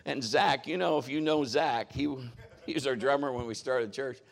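A man's voice: mid-range voice, moderate pace, creaky. A middle-aged man preaching a sermon as a pastor, talking in a conversational, folksy way with joking asides.

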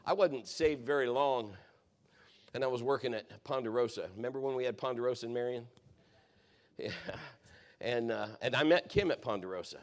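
A man's voice: mid-range voice, normal speed. Man preaching a rambling sermon story. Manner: rambling, self-correcting, conversational storytelling.

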